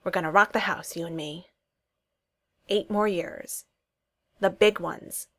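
A woman's voice: on the low side, measured pace, bright, forceful tone. A woman voicing a brash, teasing male political aide in a story reading, boisterous and joking. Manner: boisterous, joking, then suddenly intense.

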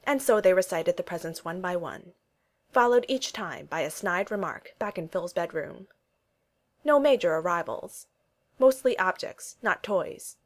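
Woman reading a storybook, lively. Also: fairly low pitch, unhurried. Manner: animated reading with voiced dialogue. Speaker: narrator. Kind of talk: storybook read-aloud.

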